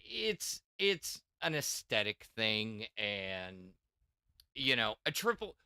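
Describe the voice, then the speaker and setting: A man's voice: fairly low pitch, very animated, very slow, pushed and bright, clear, resonant tone, no echo, clean studio sound. A middle-aged man hosting a casual tech chat, rambling with many restarts and fillers. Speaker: podcast host.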